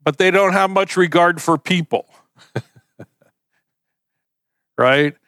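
Folksy, clear-voiced male preacher. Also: high-pitched, slow, fairly bright tone, no room sound. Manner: conversational, folksy, with homespun illustrations. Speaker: pastor. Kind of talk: sermon.

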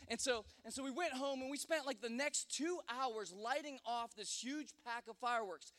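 A man telling a comic personal story to an audience, lively and rambling, with frequent restarts and fillers. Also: extremely high pitch. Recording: long hall reverb.

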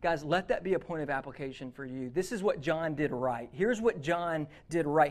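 A young man preaching a sermon as a youth pastor, acting out inner dialogue with God in a lively, conversational way. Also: fairly high pitch, normal speed, hardly any pauses.

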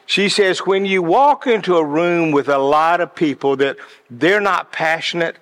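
A man's voice: on the high side, a little slow, a bit bright. A man giving a sermon-like talk about decisions, passionate and earnest, often repeating words as he builds a point. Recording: long hall reverb.

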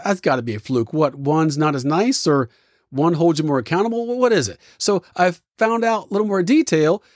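A man with a fairly high voice delivers leadership advice as a motivational host. His punchy, energetic storytelling sounds dry and close to the mic. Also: dry recording. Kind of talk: motivational talk.

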